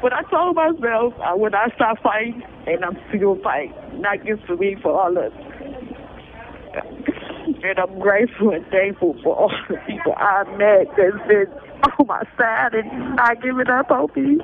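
A man's voice: sits high, moderate pace. Pleading weary man over tinny phone. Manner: pleading, weary, breaks into nervous laughs. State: exhausted. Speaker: person pleading for public support. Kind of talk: emotional spoken appeal. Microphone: phone call. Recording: tinny phone line, faint noise.

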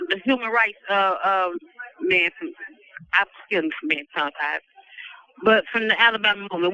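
A nervous woman calls from prison on a tinny phone line, urgently pleading for help and repeating her appeals. Her voice is fairly high and sharp in this recorded phone call.

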